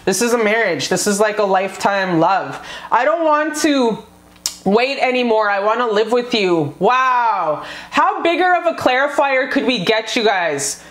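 A woman's voice: a little high, animated, unhurried, a bit bright. A woman giving a casual pick-a-card love reading to her viewers. She gushes and swears freely, calling her audience "you guys.". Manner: gushing and profane, addresses viewers as "you guys". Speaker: tarot card reader. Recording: roomy echo.

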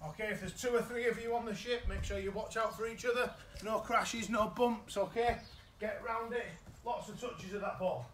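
A man with a British accent coaching children's football in a live online session, giving energetic, encouraging instructions. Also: sits high, normal speed, reverberant, a little hiss or hum, low-quality recording. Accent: British English. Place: indoors at home.

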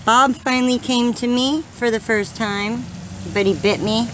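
Lady rambling slow to squirrels outside, noisy phone recording. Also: a little high, steady tone. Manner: chatty, talks to animals, frustrated. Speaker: vlogger. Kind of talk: casual outdoor vlog talk to squirrels. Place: outdoors at her door.

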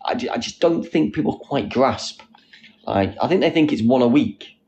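A man's voice: mid-range voice, animated, moderate pace, a little mellow, dull audio, slight background noise. A man chatting casually on a live stream, reading out viewers' comments and answering them. He sits outdoors on a wall and talks into a phone.

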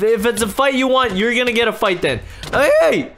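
A man's voice: extremely high pitch, lively intonation, normal speed, hardly any pauses, a bit bright, soft background music. A man acting out a game role-play as a frantic father, pleading and repeating himself. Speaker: role-play creator and lead player.

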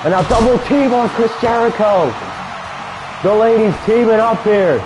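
Excitable young man calling game matches. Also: high-pitched, moderate pace, music in the background. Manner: excitable play-by-play, shouts at big moments, mutters asides. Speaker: gaming video creator. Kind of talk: casual gameplay commentary.

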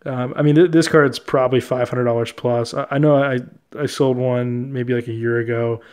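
A young man casually talking through his trading card collection, relaxed and chatty, often laughing and using fillers. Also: mid-range voice, moderate pace, clean tone. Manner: relaxed, chatty, easily amused, many fillers.

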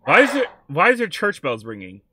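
A man talks through spooky clips in a bright, ringing voice, his pitch swinging widely as he yelps and laughs. He chats casually to viewers between jumps. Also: wildly swooping pitch, fairly quick, no echo. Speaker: reaction video host. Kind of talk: excitable reaction commentary.

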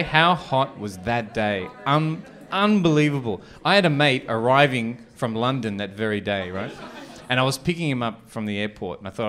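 A man telling a story in live stand-up comedy, chatty and animated. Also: medium pitch, normal speed. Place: comedy stage.

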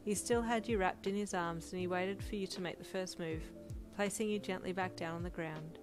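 A woman reading second-person fanfic narration in a soft, even storytelling manner. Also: fairly low pitch, a little fast. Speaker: audiobook narrator. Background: music.

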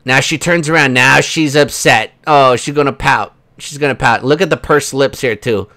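A man's voice: mid-range voice, moderate pace, bright, forceful tone. Rambling, sarcastic male commentator. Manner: rambling, sarcastic, lots of fillers. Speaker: host. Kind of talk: casual commentary.

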